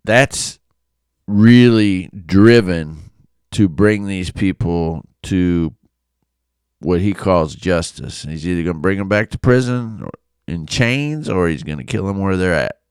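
A man from Illinois giving a casual Bible study talk, conversational and animated, with storytelling asides. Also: low voice, measured pace, clear, resonant tone, dry recording, studio quality. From Illinois, USA. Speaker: Bible teacher.

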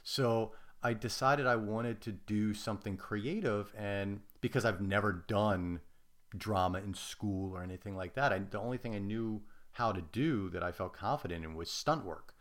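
A man's voice: lowish voice, fairly bright tone. American guy on a podcast, laid back storyteller, pokes fun at himself. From United States. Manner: self-deprecating storyteller, quick asides. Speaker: podcast guest. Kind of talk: casual chat.

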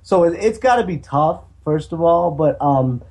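A man's voice: fairly high pitch, animated, normal speed, darkish tone, low-quality recording. A man co-hosting a podcast, reviewing a horror sequel in a loose, hesitant way with lots of fillers. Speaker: podcast co-host. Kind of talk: casual movie review chat.

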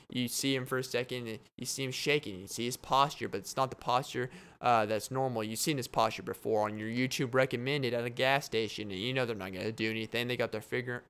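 A male podcast host spins a long daydream story on his own, with restarts and little laughs along the way. His voice is smooth and clear and sits at a middle pitch. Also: fairly bright tone. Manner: rambling, giggly storyteller. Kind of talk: solo podcast monologue.

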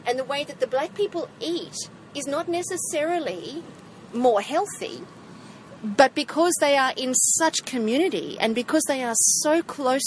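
A woman's voice: high voice, poor audio. Reflective South African woman, traffic noise. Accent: South African English. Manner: reflective, talks things through at length. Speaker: group discussion participant. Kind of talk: casual chat.

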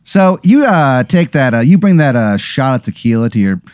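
Male game master, animated and sweary storyteller, dry close sound. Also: mid-range voice, normal speed, no room sound. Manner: rambling, profane, laughing storyteller. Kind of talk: improvised comedic scene narration.

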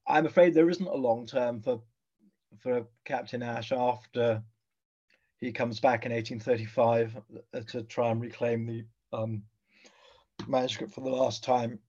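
A man talks as a guest expert in an interview, musing and pausing often as he thinks aloud. His voice sits in a middle register. The recording sounds a little dull and lo-fi. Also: medium pitch, steady tone, dark tone. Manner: thoughtful, hesitant, with frequent fillers. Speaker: guest historian. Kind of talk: conversational interview.

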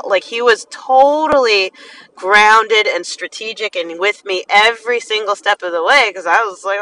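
A woman talking from inside a car in a casual motivational monologue, animated and acting out quotes. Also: mid-range voice, moderate pace, a little hiss or hum, poor audio. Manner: animated, acts out quotes in lively voices.

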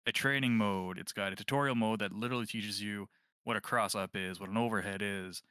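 A man co-hosting a podcast, chatting casually about video games in a rambling, relaxed way. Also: lowish voice, brisk, smooth, no echo, clean studio sound. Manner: rambling, relaxed, lots of fillers and restarts. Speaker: podcast co-host.

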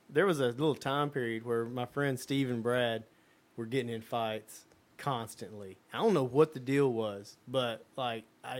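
A man co-hosting a podcast, telling rambling stories in casual chat with lots of fillers and acted-out voices. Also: mid-range voice. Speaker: podcast co-host.

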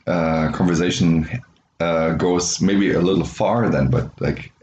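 A man with a very deep voice speaks haltingly, repeating words while he hunts for the right one. The sound is roomy and a little dull, with a faint hiss. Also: steady tone, darkish tone. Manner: hesitant, stammering, searching for words. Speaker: co-host tasting an advent calendar. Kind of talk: casual chat.

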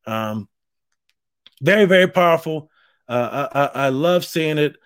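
A man's voice: fairly high pitch, animated, measured pace, dry recording, studio quality. A man hosting a solo podcast, talking in a rambling, earnest and heartfelt way. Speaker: podcast host. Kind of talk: casual solo podcast monologue.

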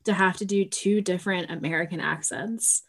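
A woman co-hosting a podcast in relaxed casual chat, joking and dropping in quoted asides. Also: lowish voice, normal speed. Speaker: podcast co-host.

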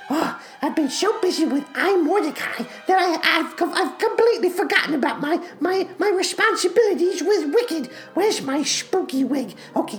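A woman doing a frantic, flustered stage actress, very high-pitched. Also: heavily acted. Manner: flustered, rambling, giggly. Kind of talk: comedic sketch as sponsor ad.

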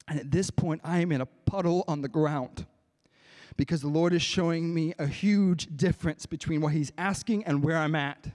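A male pastor preaching a sermon, telling a personal story with strong emotion, swinging between hushed pleading and loud, intense passages. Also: on the high side, moderate pace.

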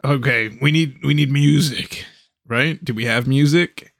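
A man playing a comedic tabletop game, making deadpan jokes. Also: mid-range voice, a little slow, creaky, dry recording, studio quality. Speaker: player.

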